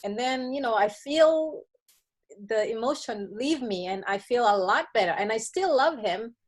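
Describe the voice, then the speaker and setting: Earnest woman with a higher voice. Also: lively intonation, moderate pace. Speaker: group participant. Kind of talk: casual chat and reading aloud.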